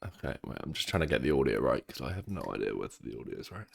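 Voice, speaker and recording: Low-voiced young man chatting to his stream. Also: sing-song, racing, vocal fry. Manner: rambling, swears freely, teases chat. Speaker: livestreamer. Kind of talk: casual live-stream chat with viewers.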